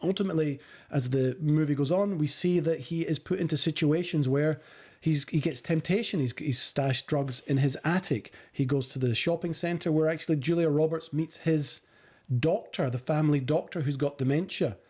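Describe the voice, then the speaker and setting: A man's voice: fairly high pitch, moderate pace, a little mellow, breathy edge. Eager man retelling a film plot. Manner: eager retelling with stumbling restarts. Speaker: podcast co-host. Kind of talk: casual film-review chat.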